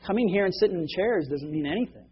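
A man with a fairly high, husky voice preaches a sermon in an easy, conversational way, acting out the people in his stories. The sound is dull and lo-fi. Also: animated, fast. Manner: conversational, acts out quoted voices, laughs at himself. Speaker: pastor. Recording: dull lo-fi recording.

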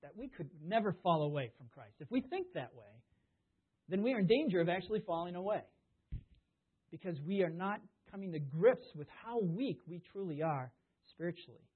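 A man preaching in a slightly high, husky voice, leaning hard on key words and then sinking almost to a murmur. The sound is thin and tinny, like a phone line. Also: lively intonation, moderate pace. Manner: emphatic, swings from loud stresses to hushed asides. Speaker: pastor. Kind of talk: sermon.

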